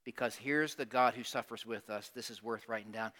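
Man, pastor, sermon, bright forceful voice, call-and-response. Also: mid-range voice, brisk. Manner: emphatic call-and-response preaching; asks the congregation direct questions.

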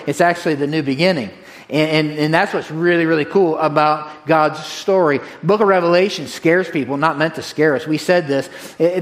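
A man preaching a sermon to his congregation in a direct, energetic, folksy way, repeating key phrases. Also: on the high side. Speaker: pastor.

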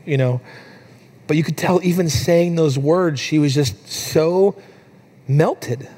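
Pastor, man, 30s, slightly high voice, chatty sermon delivery with fillers, climbs higher when moved. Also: moderate pace. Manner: conversational storytelling with fillers, rising higher and softer in emotional moments.

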